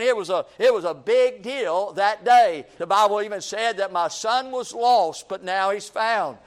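A man's voice: high voice, smooth. A man preaching a sermon in a repetitive, rhythmic cadence, calling his listeners friend.

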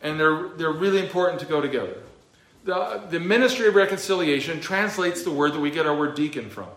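A man's voice: on the high side, expressive, a little fast, a bit bright, roomy sound. A male pastor teaching a verse-by-verse sermon, emphatic, with a few fillers. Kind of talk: expository sermon.

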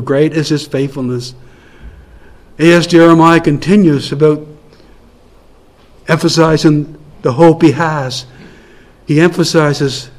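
A man preaching a sermon with a slightly high voice. He is earnest and leans on repetition, drawing key phrases out slowly. He drops to soft, low passages and then lifts to louder lines.

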